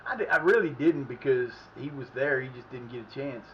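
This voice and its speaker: A middle-aged man streaming live and chatting casually as he plays, excitable and profane, often yelling at the action. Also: mid-range voice, brisk, muffled recording, a little hiss or hum. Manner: excitable, profane, shouts at the play. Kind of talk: casual live commentary while playing.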